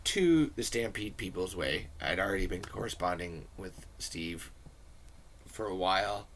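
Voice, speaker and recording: A man's voice: low voice, measured pace, a bit bright, a little hiss or hum. A man rambling earnestly to camera in a casual, profane commentary. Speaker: video creator.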